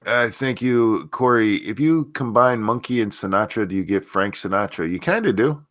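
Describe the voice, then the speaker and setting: A stuffy, unwell-sounding man hosts a live stream in casual chat, joking and swearing and getting easily sidetracked. His voice is on the low side and fairly bright, at normal speed, with clean studio sound and no room sound.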